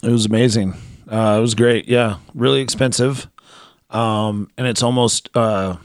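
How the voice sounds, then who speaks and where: A man's voice: mid-range voice, steady tone, a little slow, no echo, studio quality. A man co-hosting a podcast, telling a story in a rambling, filler-heavy way. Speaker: podcast co-host. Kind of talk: casual chat.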